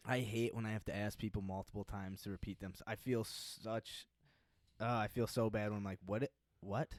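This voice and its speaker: A man co-hosting a casual chat, eagerly asking questions and agreeing with quick replies. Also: on the low side, little pitch movement, no room sound. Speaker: co-host. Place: studio.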